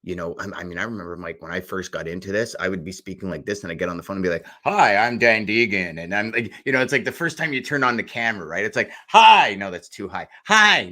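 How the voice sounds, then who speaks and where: A low-pitched male podcast host with a bright, forceful tone. He talks conversationally and tells animated stories, slipping into voices for the people in them. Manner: animated storyteller, acts out voices in anecdotes.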